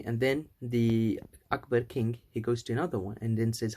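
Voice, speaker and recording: A man's voice: medium pitch, steady tone, moderate pace, warm tone. A man telling an old fable in a casual, rambling way, correcting himself as he goes. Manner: rambling, with restarts and self-corrections. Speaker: storyteller. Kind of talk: casual storytelling.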